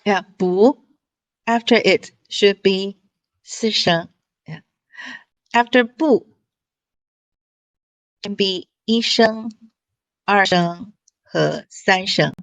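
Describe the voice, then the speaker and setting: A woman teaching tones in an online lesson, slowly repeating each syllable with patience. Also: medium pitch, vocal fry, no echo. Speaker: Mandarin teacher.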